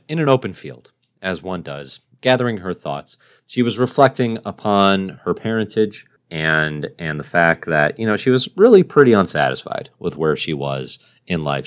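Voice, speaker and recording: Guy with a really low voice spinning a goofy superhero origin story, deadpan, rambly, casual podcast chat. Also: clear, resonant tone.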